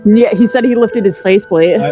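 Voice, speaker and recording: A woman playing in a tabletop game over an online voice call, unhurried and giggly. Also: medium pitch, dark tone, soft background music, poor audio. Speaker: player.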